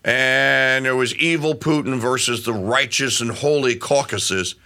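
A middle-aged man hosting a talk radio show, giving animated commentary that rambles with frequent restarts. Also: medium pitch, measured pace.

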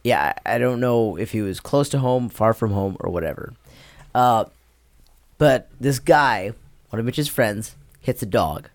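A man's voice: mid-range voice, expressive, unhurried, no echo. A man casually telling a secondhand story to friends, rambling and laughing as he goes. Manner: rambling, laughs through his own story. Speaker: podcast co-host.

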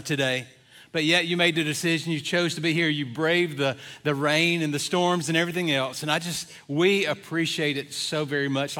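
A middle-aged man preaching from the pulpit of a church, with a high, bright voice. He tells homey stories and jokes in an easy, rambling way, full of "uh"s, and speaks into a stage mic. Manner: folksy storytelling with many fillers. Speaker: pastor. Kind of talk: sermon. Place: church sanctuary.

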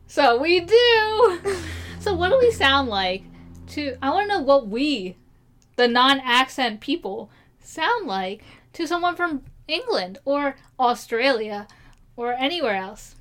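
A woman from Maryland co-hosting a podcast in casual chat, playful and quick to laugh. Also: high voice, big pitch swings, a bit bright. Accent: Maryland American. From Maryland, USA. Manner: giggly, playful, quick asides. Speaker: podcast co-host.

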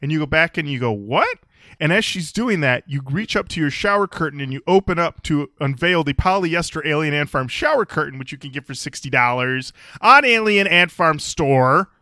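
A man co-hosting a comedy podcast, riffing in a playful mock sales pitch and acting out little scenes. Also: expressive, normal speed, sharp tone, no echo, studio quality. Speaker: podcast co-host.

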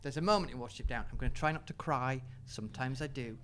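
Bright-voiced man on a live panel. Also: medium pitch, slight background noise. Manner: enthusiastic, laughing, quick asides. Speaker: author on a panel.

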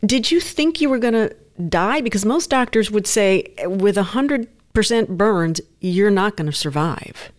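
A woman's voice: mid-range voice, lively intonation, unhurried, few pauses. A woman interviewing a guest, asking direct questions and recapping his story.

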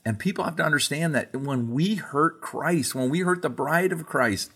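A man's voice: a little high, moderate pace, fairly bright tone, husky. A man co-hosting a religious talk show, who preaches revival meetings and speaks in an earnest, emphatic way, often repeating himself. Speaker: co-host, preacher. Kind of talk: casual religious discussion.

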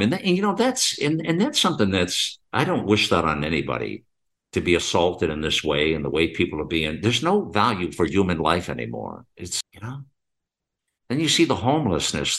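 With a low-pitched, somewhat bright voice, a middle-aged podcast host wanders through a commentary monologue. He repeats points often and fills it with rhetorical questions and verbal fillers.

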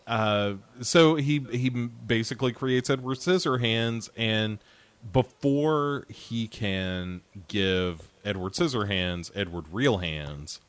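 A man's voice: lowish voice, slow pace, clean tone. A man hosting a podcast, chatting casually about films in a rambling, self-deprecating way. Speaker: podcast host.

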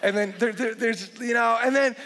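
A man in his forties preaching a sermon as a pastor, animated and joking, with frequent restarts. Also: extremely high pitch, normal speed, vocal fry, a little hiss or hum. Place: large church hall. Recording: long hall reverb.

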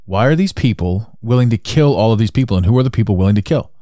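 A Canadian-accented man hosts a solo podcast, rambling repetitively and circling back to his points. He talks fast in a lowish, expressive, mellow voice, with studio-quality sound and no echo.

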